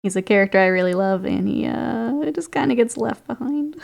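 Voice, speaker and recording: A woman's voice: on the high side, steady tone, moderate pace, gravelly. A woman streaming while painting miniatures, chatting casually with viewers, reading their comments and laughing often. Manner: chatty, laughs often, reads and answers chat.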